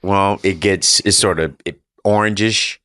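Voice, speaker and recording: A man's voice: deep voice, fairly even intonation, unhurried, bright, forceful tone, clean tone, no echo. A man guesting on a comedy podcast, rambling and laughing as he fumbles for words, on a studio mic. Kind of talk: casual comedic chat.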